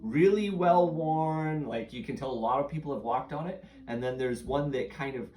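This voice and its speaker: A woman's voice: low-pitched, moderate pace, mellow, reverberant. A woman running a playful, interactive story game for children, coaxing them along and laughing often.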